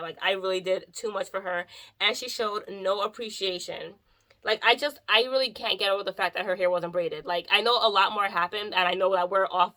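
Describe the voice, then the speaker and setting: A bright, forceful, mid-range voice belongs to a mobile hairstylist telling a client story on a casual storytime vlog. She's chatty and exasperated, leaning hard on the word "like."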